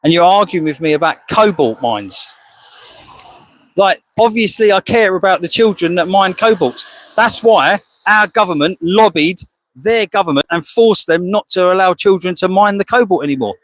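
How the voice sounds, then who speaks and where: English man, high-pitched, combative outdoor rant, dry close sound. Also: expressive, moderate pace, fairly bright tone, dry recording, low-quality recording. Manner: combative, rhetorical, calls listeners "mate". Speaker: animal rights activist. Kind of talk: heated confrontational monologue. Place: outdoors outside a slaughterhouse.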